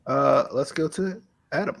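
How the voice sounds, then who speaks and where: Man, high voice, podcast host, laid-back, filler-heavy, online call mic. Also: measured pace, vocal fry. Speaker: podcast host running the picks. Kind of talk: casual chat.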